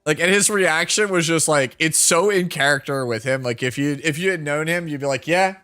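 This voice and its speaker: A man in his thirties streams and talks casually to his chat, his bright voice wandering from one aside to the next and full of filler words. Faint music plays underneath, and he laughs often. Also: on the high side, brisk, clean tone.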